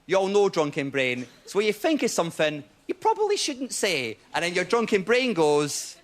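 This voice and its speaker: A young Scottish man doing a stand-up comedy set, telling stories with animated energy and dropping into low mock voices for asides. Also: moderate pace. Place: TV studio stage before a live audience. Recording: loud audience laughter and applause.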